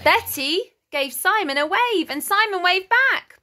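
A woman from a primary school reading a children's storybook aloud in a playful, expressive manner. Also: very high-pitched, measured pace, a little hiss or hum.

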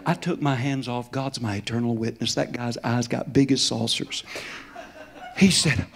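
A man's voice: a little high, normal speed. A middle-aged man preaching as a guest in a church, telling stories in a folksy, chuckling way. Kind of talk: storytelling sermon. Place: church sanctuary.

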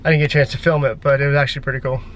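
A man's voice: medium pitch, level tone, rapid-fire, a little hiss or hum. A man chatting casually through his daily vlog, upbeat with jokey asides. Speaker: vlogger.

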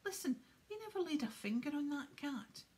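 A woman's voice: fairly high pitch, a little slow, mellow. A woman voicing a hot-tempered teenage schoolboy, sullen and sarcastic. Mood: grumpy sarcastic.

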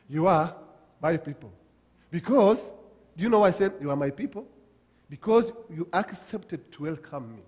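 Man from Africa, pastor, sermon, husky slightly high voice, church hall reverb. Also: darkish tone. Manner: emphatic repetitions, halting restarts, heartfelt. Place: church sanctuary.

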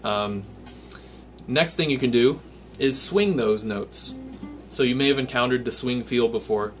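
A man's voice: mid-range voice, a little slow. A man giving a guitar lesson, patiently explaining step by step and counting picking strokes aloud as he plays. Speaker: guitar teacher. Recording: loud guitar playing behind the voice. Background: his own guitar playing.

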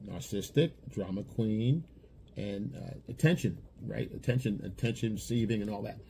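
A man's voice: on the low side, moderate pace, gravelly, warm tone, a little hiss or hum. A man giving blunt dating advice in a lecturing monologue, often repeating himself. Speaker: dating coach.

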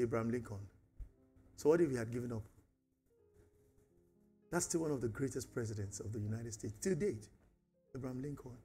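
A man with a Nigerian accent, a pastor preaching a sermon, animated, shifting from shouted asides with laughter to hushed prayer. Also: mid-range voice, breathy edge. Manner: laughing asides, Yoruba interjections. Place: church hall.

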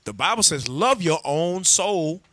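A man leads a scripture class with an animated, joking delivery. His voice sits a little high and rings bright and forward. The sound is dry and close. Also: measured pace, dry recording. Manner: animated, humorous, calls on readers. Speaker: teacher leading a scripture class. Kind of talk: sermon.

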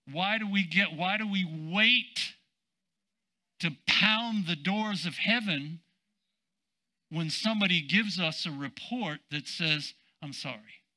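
High, forceful man preaching a sermon. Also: slow pace. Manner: conversational with asides, building to emphatic declarations. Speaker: senior pastor.

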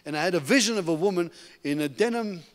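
Middle-aged African man, guest preacher, lively funny storyteller, highish pitch, echoing church hall. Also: fast talker. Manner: animated, humorous storytelling. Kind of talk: testimony sermon. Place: church sanctuary. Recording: long reverb of a church hall.

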